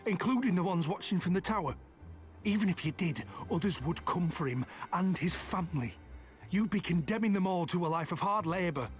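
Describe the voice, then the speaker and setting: A grave, level-headed companion from a video game, warning an ally against rash action. His voice is slightly high and moves widely in pitch. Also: animated, fairly quick, faint music behind. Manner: grave, cautioning.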